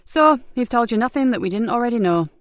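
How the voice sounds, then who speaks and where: Woman voicing a sharp, fierce police inspector. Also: fairly high pitch, lively intonation, fast talker, no room sound, pitched above the performer's own voice, close to an everyday voice. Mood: sharp, brisk. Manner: sharp, blunt and impatient. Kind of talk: audiobook character voice.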